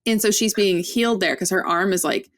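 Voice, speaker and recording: Chatty woman guest at mid pitch. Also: a little fast. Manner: chatty, retells scenes with "like" and acted quotes. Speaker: podcast guest. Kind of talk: casual book chat.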